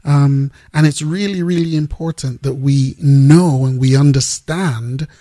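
A man hosting a Christian music program, giving an unhurried, earnest talk between tracks and searching for his words. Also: medium pitch, mellow, dry recording, clean studio sound.

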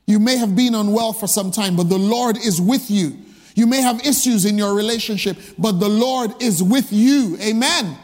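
A man's voice: sits high, moderate pace, darkish tone, long reverb tail. A male pastor preaching a sermon, emphatic and full of rhetorical repeated questions.

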